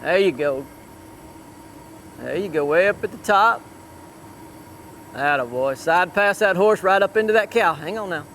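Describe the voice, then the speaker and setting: A man with a high-pitched voice coaches a rider through a cutting run in an outdoor arena. He calls out short commands and repeats them over and over. Faint traffic and outdoor sounds sit behind him. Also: a little slow, pauses often, a bit bright. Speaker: cutting horse trainer. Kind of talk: live riding coaching.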